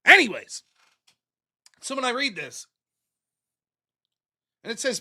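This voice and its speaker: A man hosts his own live-streamed commentary show, berating and mocking with heavy profanity. His voice sits high and bright, and it leaps around animatedly between near-shouts and low mutters. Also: big pitch swings, unhurried, pauses often. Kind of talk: ranting political commentary.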